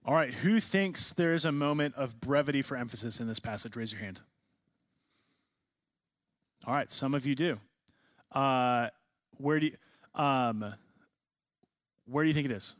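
A man's voice: on the high side, fairly bright tone, no echo, studio quality. A man teaching a class, leading a discussion and asking students many questions. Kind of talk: classroom lecture.

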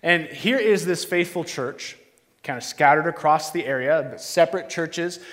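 A man leads a prayer and then a sermon in an earnest, conversational way, pausing on fillers and restarting phrases. His voice sits a little higher than most men's. The room behind him is a large church with a long, ringing reverb. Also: a bit bright. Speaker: pastor.

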